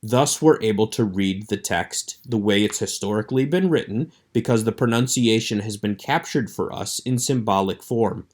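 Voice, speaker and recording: Man, low-pitched voice, teacher, recorded online lecture, measured and explanatory. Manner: measured, explanatory, steady delivery.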